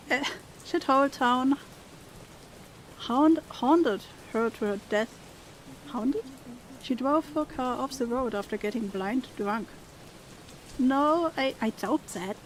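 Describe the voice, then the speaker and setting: In this let's play, a young streamer whose first language is German reads the game's dialogue with real feeling in a somewhat high voice. Between lines she chats casually and easily with her audience.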